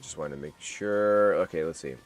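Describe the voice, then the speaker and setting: A man's voice: low voice, moderate pace, faint music behind. A man hosting a live stream, reacting to news in a rambling, wisecracking way and swearing freely. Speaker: streamer host.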